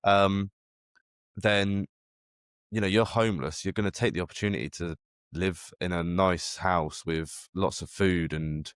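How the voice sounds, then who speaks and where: A man with a very low, deep voice talks loosely on a podcast, circling his ideas and restarting sentences as he goes. The sound is close and dry, with no room around it. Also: fairly even intonation, measured pace, smooth, no room sound. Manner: rambling, speculative, full of restarts. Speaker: podcast co-host. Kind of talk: casual chat.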